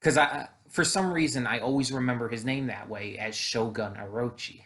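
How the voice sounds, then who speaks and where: A man's voice: medium pitch, normal speed, fairly bright tone. A man hosting an anime reaction video, chatting casually with frequent fillers and restarts.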